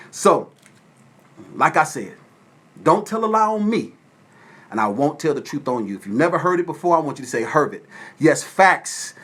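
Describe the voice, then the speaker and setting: A man from Atlanta, Georgia, hosting a casual livestream from his phone at home and shouting out viewers by name. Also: on the high side. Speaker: livestream host. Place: at home with windows open.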